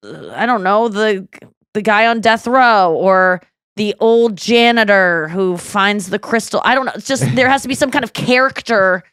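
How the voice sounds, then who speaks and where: A woman hosting a casual podcast chat, rambling and candid with lots of fillers. Her pitch sits in the middle range. The sound is dry and close, with no room echo. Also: moderate pace, fairly bright tone, clear, resonant tone. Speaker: podcast host.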